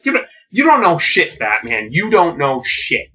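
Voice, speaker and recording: Guy doing a sneery villain clown voice, higher and bright, mocking, kinda dull lo-fi sound. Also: huge pitch swings, normal speed, far from the mic, heavily acted. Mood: sneering. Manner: incredulous, sneering taunts. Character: mocking gloating male supervillain clown.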